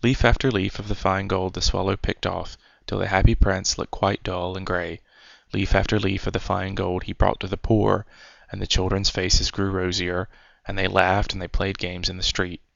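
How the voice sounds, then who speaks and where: A man reading a fairy tale aloud as a storyteller, in a measured, unhurried way. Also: sits low, level tone, creaky, a bit bright, dry recording. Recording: dry, dull lo-fi recording.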